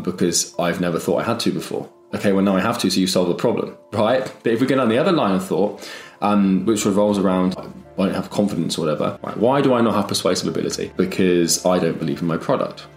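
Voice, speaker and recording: A young man with a lowish voice giving casual business-coaching talk, stacking quick rhetorical questions and dropping the odd swear word. The room is echoey, with faint music playing underneath. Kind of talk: casual talking-head business advice.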